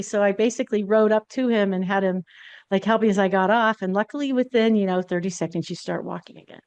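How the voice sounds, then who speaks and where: A woman's voice: medium pitch, fast, darkish tone, smooth, no room sound. Candid woman recounting a story, dry sound. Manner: candid, confessional. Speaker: podcast host. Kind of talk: personal storytelling.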